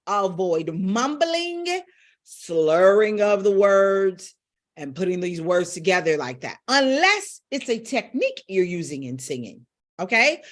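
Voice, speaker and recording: Animated woman vocal coach teaching live. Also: medium pitch, slow. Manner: animated, coaching directly to viewers. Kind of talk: live-streamed voice lesson.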